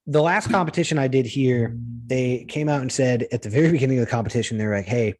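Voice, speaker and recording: A man's voice: mid-range voice, fast, a little mellow. A man co-hosting a podcast, chatting casually and ranting with a lot of swearing and restarts. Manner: profane, ranting, rambling with restarts. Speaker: podcast co-host.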